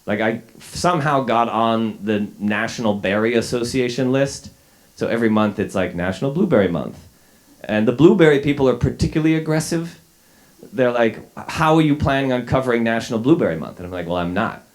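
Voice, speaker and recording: A man's voice: medium pitch, fairly quick. Self-deprecating man telling a story onstage. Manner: self-deprecating, wry, with frequent fillers and restarts. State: a little sick, coughing. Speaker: journalist giving a talk. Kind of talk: storytelling talk to an audience. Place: lecture hall with a live audience.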